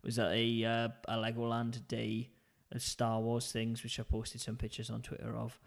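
A podcast co-host with a gravelly, creaky edge to his voice tells a rambling story in a relaxed, self-mocking way. He talks casually at a middle pitch, the easygoing rhythm of friends chatting on a show. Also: moderate pace. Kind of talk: casual chat.

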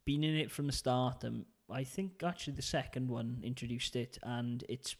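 A man's voice: mid-range voice, steady tone, moderate pace, gravelly. Give me a chatty Welsh man co-hosting a podcast, with a mid-range voice. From Wales. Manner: rambling, chatty storytelling. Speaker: podcast co-host. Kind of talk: casual chat.

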